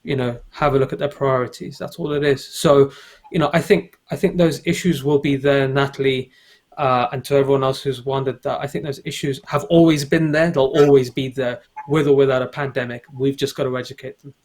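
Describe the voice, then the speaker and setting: A man at a middle pitch gives firm, motivational advice on a livestream panel. He speaks over a video call in a steady, direct way. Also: fairly quick. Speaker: panelist photographer.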